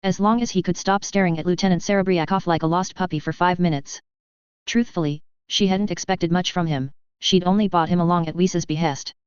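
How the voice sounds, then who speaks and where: A narrator reading a fan fiction story aloud in a steady, even storytelling voice. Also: medium pitch, fairly quick, smooth, no room sound. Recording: dry, slightly dull lo-fi recording.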